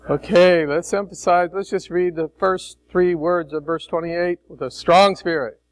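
A man from Chicago preaching a sermon in an unhurried, deliberate way. His voice sits a little high for a man, and he coaxes and drills the congregation in call-and-response, slipping in light jokes along the way. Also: fairly even intonation, a crowd in the background, rough recording. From Chicago, United States. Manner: coaxing, emphatic, jokes with the congregation.

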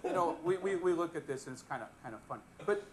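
Speaking quickly in a fairly high pitch, a man is heard over crowd noise on a rough recording. His Bible lesson is casual and chatty, full of questions for the audience and jokes along the way. He sounds relaxed and chuckles as he talks.

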